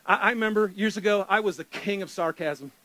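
Man, pastor, sermon, high voice, dry close sound, animated, sarcastic asides. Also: fairly quick, dry recording. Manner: animated, sarcastic asides, swings from hushed to loud.

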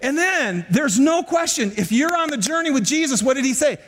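A middle-aged man preaching a sermon in a fairly high voice. He tells stories with animated energy and keeps turning to the congregation with questions. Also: moderate pace, few pauses. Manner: animated storytelling, addresses the congregation often. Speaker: pastor.

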